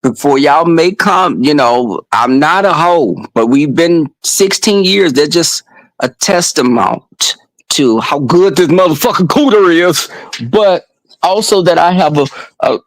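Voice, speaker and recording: Brash gravelly man telling crude stories. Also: fairly high pitch, expressive, a little slow, no echo, poor audio. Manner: flamboyant, brash, swearing freely. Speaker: vlogger. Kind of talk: crude comedic storytelling to viewers.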